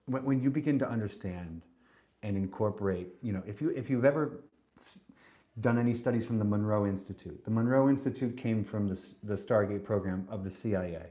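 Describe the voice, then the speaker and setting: A man's voice: on the low side, darkish tone. A man hosting a podcast, delivering a spiritual monologue in an emphatic, preachy way, cursing and restarting often. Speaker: podcast host.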